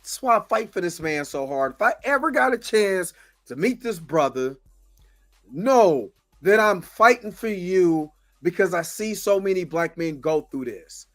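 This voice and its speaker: Man, high voice, frustrated livestream host, restarts a lot, faint music underneath. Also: lively intonation, measured pace. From United States. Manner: frustrated, repeats himself, thanks viewers. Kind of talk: impassioned livestream commentary.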